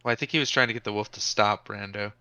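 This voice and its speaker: A man's voice: on the low side, fairly even intonation, fast talker, pushed and bright, clean tone. A man playing in a tabletop game, casual and joking. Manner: joking, playful. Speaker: player.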